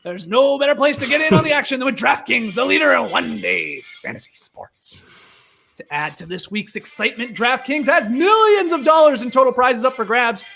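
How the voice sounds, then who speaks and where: A man's voice: very high-pitched, expressive, fairly quick, vocal fry, sharp tone, slight background noise. A man co-hosting a sports podcast, chatting casually and reading an ad in a playful, laughing manner. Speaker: podcast co-host. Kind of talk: casual chat and read ad.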